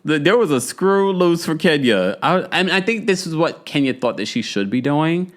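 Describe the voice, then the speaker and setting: A man's voice: a little high, normal speed. A man hosting a live reality TV recap stream, chatting casually and reading out viewer comments. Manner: chatty and animated, with frequent fillers and asides to viewers. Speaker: host of a reality TV recap livestream.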